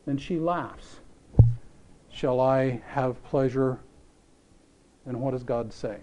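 A man preaching a sermon in a relaxed, mellow voice of middling pitch. He brings a scripture story to life, acting out its voices and firing rhetorical questions at the listeners. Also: slow, long pauses.

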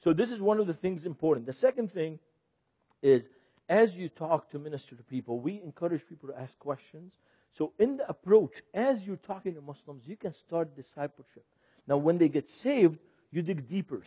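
A middle-aged man, a ministry speaker teaching an audience in a sermon style. He talks in an animated way, laughs often and puts questions to the audience. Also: a little high, breathy edge, no echo. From Lebanon. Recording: dull, dry lo-fi recording.

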